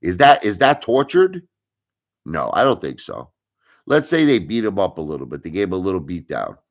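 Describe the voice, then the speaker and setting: Deep-voiced middle-aged man ranting on a stream. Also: sing-song, moderate pace. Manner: insinuating, rhetorical, repeats himself. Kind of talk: livestream commentary.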